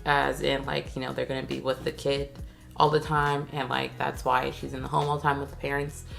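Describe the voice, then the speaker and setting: A woman's voice: extremely low pitch, flat delivery, brisk, creaky, a bit bright, faint music behind. A woman giving a casual, sarcastic recap of a TV episode, chatty and full of slang. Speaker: TV recap vlogger.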